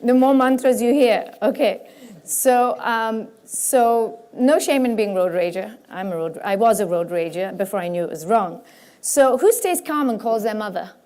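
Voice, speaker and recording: Animated woman speaking to a crowd. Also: fairly high pitch. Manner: animated, self-mocking, breaks into quick voices for examples. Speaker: speaker at a spiritual conference. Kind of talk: lively talk to a live audience. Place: stage before a large audience.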